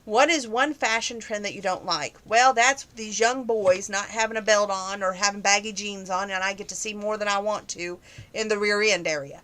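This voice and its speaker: A woman's voice: medium pitch, normal speed, pushed and bright. A young woman answering viewer questions in a casual, opinionated chat that grows heated on some topics.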